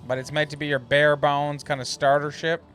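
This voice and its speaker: A man with a voice on the high side streams a space game, chatting casually and reading ship descriptions aloud in a relaxed, slightly halting manner. Faint music plays behind him.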